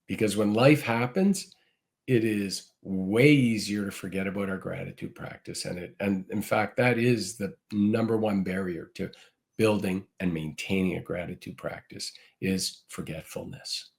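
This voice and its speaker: A man's voice: sits low, measured pace, creaky. A man being interviewed as a gratitude speaker, earnestly telling a story and acting out the quoted dialogue. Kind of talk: interview answers.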